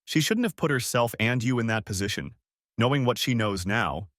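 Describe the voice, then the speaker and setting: Man reading a calm pipe-smoking older friend for an audiobook, deep and measured, pitch moves a lot, dry close sound. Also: dry recording, lightly acted. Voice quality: deep bass. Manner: calm, measured, non-judgmental.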